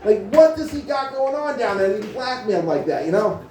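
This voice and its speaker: High-voiced man rambling in stand-up. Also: very animated, a little fast, a little mellow. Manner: rambling, profane, full of filler likes. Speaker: stand-up comic. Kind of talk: stand-up comedy set. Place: cafe or small venue. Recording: echoey room, mic from far off.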